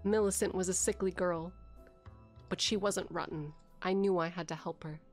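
Woman doing a hardboiled noir gumshoe; dry deadpan narration, light stifled giggles. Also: lowish voice, moderate pace, soft background music, natural voice. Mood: wry. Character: hardboiled adult male noir detective narrator.

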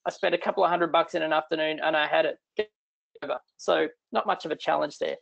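A man's voice: a little high, fairly even intonation, fairly quick, creaky, fairly bright tone, muffled recording. A middle-aged man with an Australian accent giving a chatty, irreverent online talk from home. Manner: chatty, irreverent, self-deprecating. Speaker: guest speaker.

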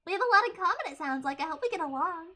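A young woman in her twenties chatting casually on a live stream, giggly and hyper, getting loud when excited. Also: very high voice, very fast. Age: 20s.

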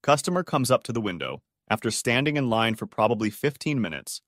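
Man reading stories with a lively voice. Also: mid-range voice, fairly quick, no room sound, studio quality. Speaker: story narrator. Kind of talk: scripted narration of online stories.

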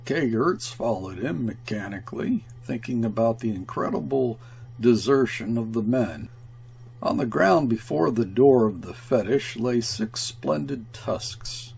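A man reading a classic short story aloud as narrator, measured and deliberate. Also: medium pitch, expressive, gravelly, darkish tone, a little hiss or hum. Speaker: audiobook reader. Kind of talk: literary narration.

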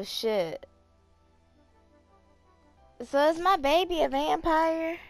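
With a higher, clean-toned voice and no echo, a woman who hosts a gaming channel gives casual commentary as she plays a life-sim game. She chats freely, curses a lot, and talks directly to her characters.

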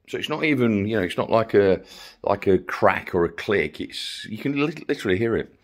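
A man's voice: lowish voice, expressive, brisk. A middle-aged man, giving a rambling, chatty home video update with lots of ums and restarts, filmed on a phone at home. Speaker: vlogger. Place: at home, lounging indoors.

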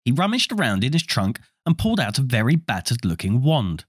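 A man reading a children's fantasy novel aloud as an expressive storybook narrator. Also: mid-range voice, brisk, husky, no room sound, studio quality. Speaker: audiobook reader.

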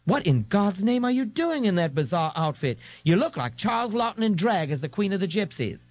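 A flamboyant young dandy gushes in a high, swooping, sing-song voice full of breathy gasps and theatrical delight. He teases with mock horror, and every phrase swings up and down. The dry, slightly dull 1989 audiobook tape sits close and unadorned. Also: very animated, fairly quick, dry recording. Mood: amused. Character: flamboyant, giddy young man, teasing and theatrical. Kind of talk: audiobook character voice.

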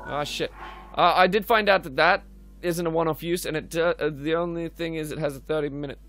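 A man's voice: on the high side, steady tone, brisk, fairly bright tone, no echo. A man giving casual let's-play commentary, full of profane, muttered asides. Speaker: gameplay commentator.

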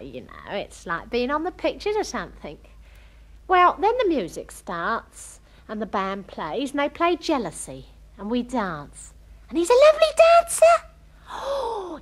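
A chatty, starry-eyed young working-class girl, played by a woman in a comic monologue. She gossips breathlessly with homely, ungrammatical turns of phrase, her rather high voice leaping and swooping all over the place. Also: heavily acted. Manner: lively, breathless gossiping storyteller.

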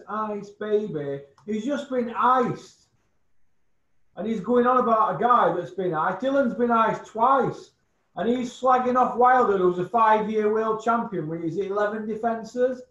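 A man's voice: high-pitched, fairly bright tone, reverberant, highs cut off. A man giving blunt, scornful opinions on boxing in casual chat, swearing and repeating insults. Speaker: boxing pundit guest.

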